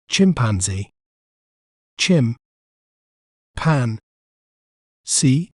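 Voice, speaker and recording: A man hosting a pronunciation lesson in a scripted, measured way, breaking words into syllables. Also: mid-range voice, dark tone, dry recording, studio quality. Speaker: pronunciation guide host. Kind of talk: scripted educational narration.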